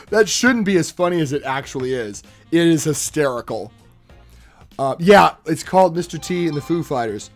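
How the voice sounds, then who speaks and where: A young man chatting casually on a live stream, animated, laughing often and slipping into quick impressions. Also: a little high, soft background music.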